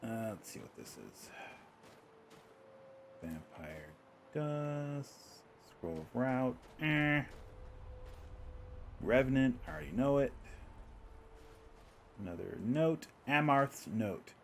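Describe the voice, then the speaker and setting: A man's voice: medium pitch, lively intonation, takes it slowly, long pauses, slight background noise. Easygoing man chatting through his gameplay. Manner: chatty, talks to himself and the game, chuckles often. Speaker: streamer playing a video game. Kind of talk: casual gameplay commentary.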